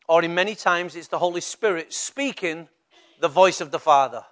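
Guy pastor w a high voice, chatty sermon that builds up loud in spots. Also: moderate pace. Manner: conversational preaching, rising to emphatic bursts.

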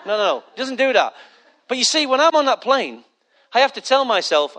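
A male pastor preaching a sermon with humorous, lively storytelling. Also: very high-pitched, a little fast.

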